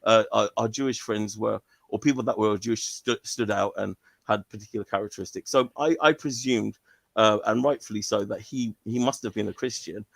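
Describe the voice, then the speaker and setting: A male caller telling a story on a call-in stream in an animated way, laughing and restarting often. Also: on the low side, brisk, gravelly, no room sound.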